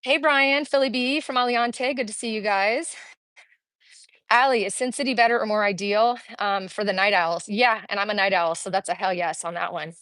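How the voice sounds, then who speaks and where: A woman's voice: mid-range voice, moderate pace, a bit bright, no echo, low-quality recording. A middle-aged woman livestreaming from her phone as she walks a town street outdoors, chatty and upbeat and out of breath. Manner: chatty, upbeat, talks while walking. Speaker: vlogger streaming live. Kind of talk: casual walking livestream chat. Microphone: phone held while walking.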